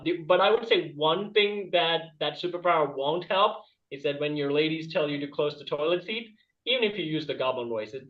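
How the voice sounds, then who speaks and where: A man's voice: on the high side, reverberant, far from the mic, dull audio. A man doing a rambling stand-up comedy bit over a video call, laughing at his own jokes. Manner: rambling and self-amused, laughing at his own jokes, with jumpy shifts in loudness.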